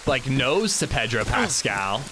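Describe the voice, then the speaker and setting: A man's voice: medium pitch, unhurried. Chatty male game streamer over rain noise. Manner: chatty, reacting to viewer messages. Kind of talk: casual livestream chat. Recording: steady rain noise behind.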